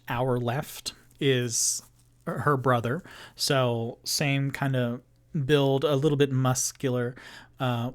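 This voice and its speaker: A man narrating as game master of a solo tabletop game, describing scenes in an unhurried way with many fillers. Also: medium pitch.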